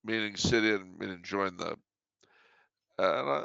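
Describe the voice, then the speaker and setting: A man's voice: deep voice, a little slow, creaky, pushed and bright, dry recording, highs cut off. A man chatting casually, spinning stories with chuckles and a playful edge. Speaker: regular guest answering questions. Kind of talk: casual chat.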